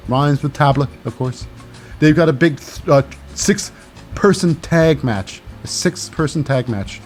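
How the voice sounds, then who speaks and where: A man hosting a casual wrestling recap, rambling and halting with lots of fillers, wry and cynical. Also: medium pitch, a little mellow. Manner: rambling, halting, full of uh and what's that. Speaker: host.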